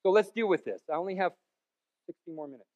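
A male pastor with a high voice delivers a sermon full of playful, wandering asides. His delivery swings between loud, emphatic bursts and softer stretches. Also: quick pace, highs cut off. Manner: jokey, rambling asides with sudden loud peaks.

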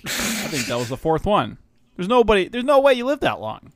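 Wisecracking man with a lively voice. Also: high-pitched, slight background noise. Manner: wisecracking, quick asides. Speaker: podcast co-host. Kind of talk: casual chat.

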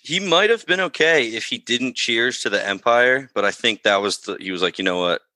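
A man's voice: medium pitch, moderate pace, dry recording, poor audio. A man co-hosting a podcast, retelling a scene casually and acting out quoted lines. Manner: animated retelling with acted-out quotes. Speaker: podcast co-host. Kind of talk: casual chat.

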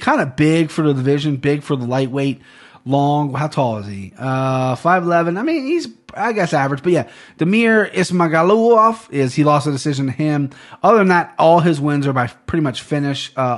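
Casual, rambling male podcast host. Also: mid-range voice. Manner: rambling, swears casually, self-deprecating. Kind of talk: casual sports betting chat.

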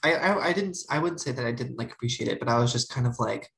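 This fast-talking young woman has a creaky bass voice, recorded at low quality. While co-hosting a podcast, she tells a story about herself in an easygoing chat, lively as she acts out her family's lines.

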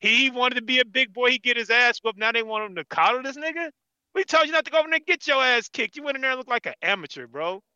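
A man's voice: very high voice, expressive, fast, bright, forceful tone, clear, resonant tone, no room sound, lo-fi sound. A man calling in to trade trash talk in a heated casual debate, cursing freely and boasting.

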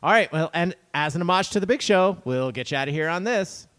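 A man's voice: high voice, animated, brisk, fairly bright tone. A man co-hosting a podcast in casual chat, giggly and chatty, reading notes aloud. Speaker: podcast co-host.

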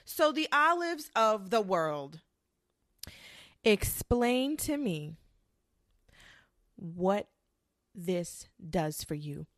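A woman's voice: medium pitch, big pitch swings, extremely slow, pauses often, a bit bright, dry recording, clean studio sound. A young adult woman ranting in a sassy, profane monologue, mocking others with quoted voices.

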